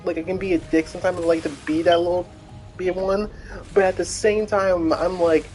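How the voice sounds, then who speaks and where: A man's voice: high-pitched, level tone, normal speed, darkish tone, faint music behind. A man streaming a video game, rambling in casual chat with many restarts and fillers.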